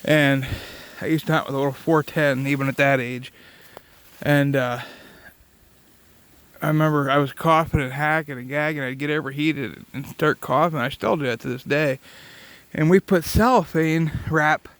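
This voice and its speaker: Man, fairly high voice, casual rambling storytelling, profane, outdoors in the woods. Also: fairly even intonation, moderate pace, fairly bright tone, clear, resonant tone. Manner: profane, rambling, laughs at his own stories. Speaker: vlogger.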